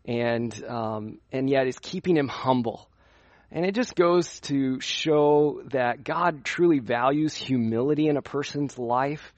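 A man's voice: mid-range voice, slow, no room sound, muffled recording. Man preaching, dry close sound. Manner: conversational preaching, asks the audience questions. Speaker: youth conference speaker. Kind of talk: sermon.

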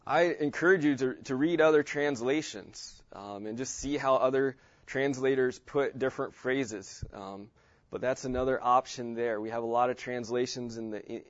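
A man's voice: medium pitch, no echo, highs cut off. A man giving a casual Bible lesson, speaking plainly and often restarting his sentences with fillers. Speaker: teacher. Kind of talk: Bible teaching.

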